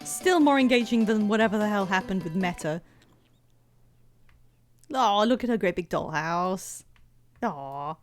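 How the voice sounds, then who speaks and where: A woman's voice: medium pitch, expressive, unhurried, long pauses, faint music behind. A woman streaming a game live, chatting casually with viewers, laughing often and poking fun at herself. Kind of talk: casual livestream chat.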